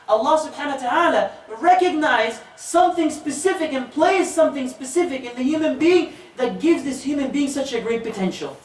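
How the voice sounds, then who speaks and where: An animated preacher tells a story and jokes with his listeners. His voice is heard from a distance in an echoey mosque hall, with faint noise behind it. His pitch sits in the middle range. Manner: animated, joking asides to the audience. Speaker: imam giving a talk. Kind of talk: storytelling sermon.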